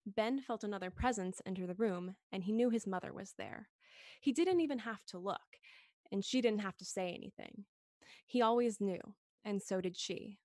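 A woman podcast host reading a story aloud in a gentle, expressive read-along style, lifting her voice for the dialogue. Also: medium pitch, moderate pace, no room sound.

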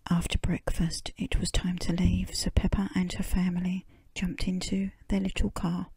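Woman reading a kids book in whispered role-play, super breathy, slow, dry close sound. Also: on the low side, monotone, a little mellow, dry recording. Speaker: storybook reader.

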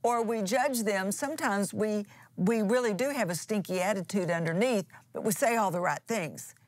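A woman's voice: medium pitch, normal speed, no room sound. A woman pastor and co-host giving a conversational Bible teaching in an earnest, plain-spoken way, restarting phrases as she explains.

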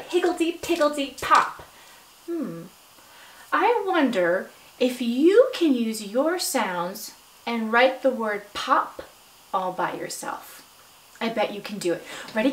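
High-voiced, slow, encouraging teacher woman. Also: far from the mic. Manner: slow, encouraging, stretching out word sounds; bursts of high excited praise. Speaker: substitute teacher. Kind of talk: phonics lesson for young children. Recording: echoey room, voice from off-mic.

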